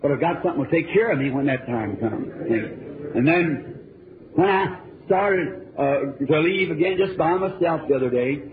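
A man's voice: fairly high pitch, expressive, moderate pace. A man preaching, telling a personal story in an earnest, rambling, folksy way. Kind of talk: storytelling sermon. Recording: tinny lo-fi archive tape with faint hiss.

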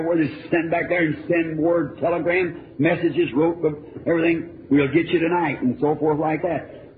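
Male preacher, earnest folksy storyteller, slightly high voice, tinny archival tape. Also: slight background noise. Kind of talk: storytelling sermon.

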